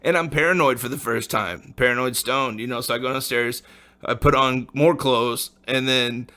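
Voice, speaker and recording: A man's voice: mid-range voice, fairly even intonation, normal speed, sharp tone. A man hosting a podcast, telling a story in a rambling, casual way, full of slang and swearing, laughing often. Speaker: podcast host.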